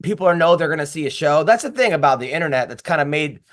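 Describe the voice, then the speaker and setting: A man's voice: a little high, lively intonation, rapid-fire, a bit bright. A man hosting a casual podcast, talking in a rambling way with lots of restarts. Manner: rambling, with many restarts and fillers. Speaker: podcast host and comedian.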